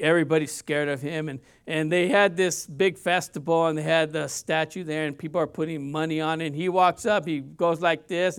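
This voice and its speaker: A man preaching a sermon as pastor, animated, with sudden loud rises and quiet drops and casual conversational asides. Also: on the high side, smooth.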